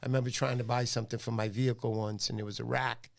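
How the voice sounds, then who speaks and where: A man's voice: medium pitch, level tone, quick pace, creaky. A man hosting a casual fishing livestream, chatting with a guest and telling rambling stories full of quoted voices. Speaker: livestream host. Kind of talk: casual chat.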